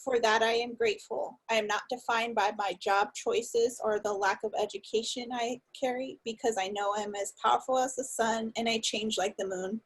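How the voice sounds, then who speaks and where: A woman with a husky, slightly high voice reads her affirmation over a video call. She keeps it playful and joking. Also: fairly even intonation, moderate pace, few pauses, low-quality recording. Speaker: workshop participant. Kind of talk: reading an affirmation aloud.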